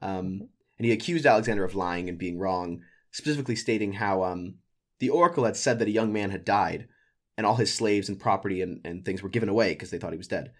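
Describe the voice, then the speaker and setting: A man retelling an ancient story in casual, joking chat, quick to laugh. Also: deep voice. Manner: jokey, laughing, acts out figures in silly voices.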